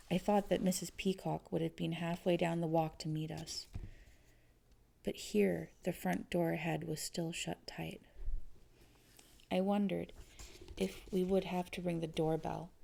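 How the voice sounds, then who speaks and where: Gravelly, dark-voiced woman reading a story. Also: lowish voice. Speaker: audiobook reader. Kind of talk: first-person story reading.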